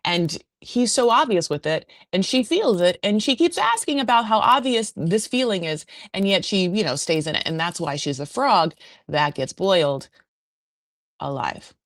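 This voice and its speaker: A woman's voice: medium pitch, lively intonation, normal speed, dry recording. A woman hosting a podcast, recapping a reality show in a chatty, gossipy way full of fillers. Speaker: podcast host.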